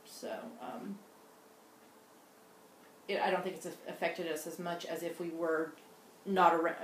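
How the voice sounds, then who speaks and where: A middle-aged woman with a slightly low voice chats on a home knitting podcast, rambling and restarting her sentences. The sound is roomy, with a faint hiss behind her. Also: level tone, unhurried. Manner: chatty, rambling with many fillers and restarts. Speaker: podcast co-host, mother. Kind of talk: casual chat. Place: home in Scotland. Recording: roomy echo, faint noise.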